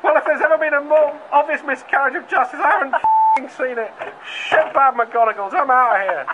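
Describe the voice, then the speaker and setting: A man's voice: extremely high pitch, moderate pace, highs cut off, voice pushed up. A man voicing an old-fashioned English radio football commentator who curses at the opposing team. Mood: bitter. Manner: clipped commentary turning to cursing. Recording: noisy archive-style radio sound.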